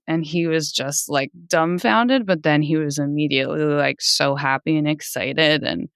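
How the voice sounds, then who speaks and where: A woman in her thirties, a podcast guest, telling a personal story in an animated way, laughing often and jumping high when she quotes people. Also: normal speed, creaky, hardly any pauses, smooth, no echo, studio quality.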